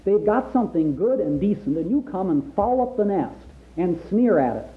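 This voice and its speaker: A man's voice: high-pitched, very animated, normal speed. A man reading the part of an outspoken crewman who angrily defends the townspeople. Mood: indignant. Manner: outspoken, heated. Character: indignant young male crewman defending townsfolk. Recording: tinny phone-like sound.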